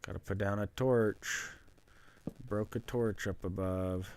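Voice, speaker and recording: Streaming a game, a man talks through what he's doing in loose self-narration and chats to the animals he meets. He takes it slowly in a fairly low, steady voice that is darkish, clear, and resonant.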